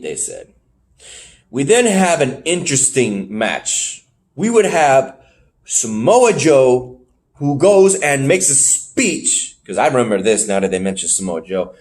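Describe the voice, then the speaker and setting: A man co-hosting a podcast, recapping wrestling shows in casual chat, animated and swearing freely. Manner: animated, swearing, jumps in pitch when surprised. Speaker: podcast co-host.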